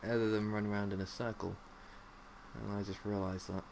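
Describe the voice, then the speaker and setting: This young gaming commentator speaks fairly quickly in a lowish, slightly mellow voice with vocal fry and little pitch movement. Playing a zombie game, he rambles through silly tangents, using "like" constantly, with a faint hiss or hum behind him.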